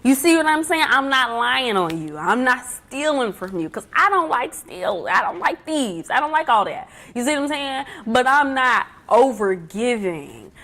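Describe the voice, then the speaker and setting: A woman talks straight to her livestream viewers from home, handing out life advice in a chatty, emphatic way. Her voice sits a little high, and she drives her points home by saying them again. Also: normal speed, hardly any pauses. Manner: emphatic, repeats key points, chatty and animated. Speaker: livestream host. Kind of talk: casual livestream talk giving life advice.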